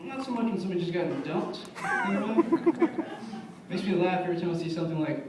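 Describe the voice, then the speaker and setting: A man's voice: on the high side, expressive, fast talker, background noise. A young man doing a stand-up comedy set, telling stories in a loose, conversational way and acting out his friends' lines. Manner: conversational storytelling, acts out friends' quotes. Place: bar music venue. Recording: echoey, distant room mic. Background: audience laughter.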